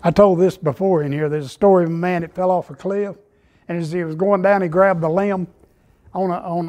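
A man preaching a sermon, telling humorous stories in a folksy way. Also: sits high. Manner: folksy storytelling, Southern phrasing. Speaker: pastor.

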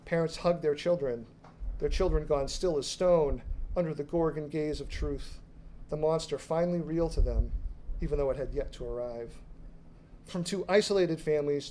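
A man, an author, reading his dark fiction aloud at a live literary event, in a measured, dramatic storytelling manner. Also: on the high side, a little hiss or hum, poor audio. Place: bar reading room.

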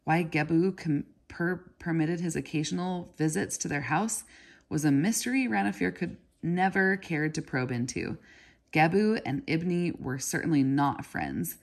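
A woman reading a children's novel aloud in a steady storybook manner. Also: low-pitched, unhurried, creaky. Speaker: narrator.

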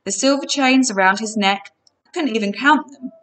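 A woman reading a storybook aloud, narrating in an expressive first-person way. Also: fairly high pitch, normal speed, far from the mic. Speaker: reader.

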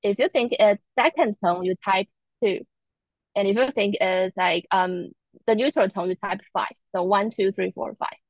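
A woman's voice: medium pitch, normal speed, no echo, muffled recording. A woman from Taiwan, a native Mandarin speaker, teaching Chinese tones in a live online lesson, patiently repeating each example. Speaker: Chinese language instructor.

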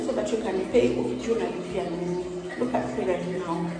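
A woman's voice: on the low side, brisk, crowd noise. A young Kenyan woman vlogging a room tour on her phone, complaining dramatically and switching between English and Swahili. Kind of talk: casual vlog room tour. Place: small rental room and bathroom, indoors. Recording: very echoey small tiled room.

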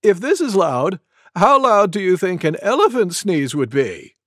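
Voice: mid-range voice, big pitch swings, a little slow, a bit bright, no room sound, studio quality, voice pushed up. A storyteller voicing a curious female monkey with a cold, in a slightly raised, questioning tone.

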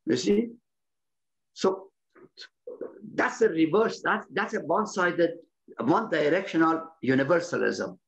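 A man talks through political ideas like a lecturer, raising a fairly high, gravelly voice as he restarts phrases and checks that the listener follows. The recording is a little muffled and lo-fi. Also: expressive, a little slow, pauses often. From Iran. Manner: lecturing, with frequent restarts and "okay?" check-ins. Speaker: interviewee, political commentator. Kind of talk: explanatory political talk.

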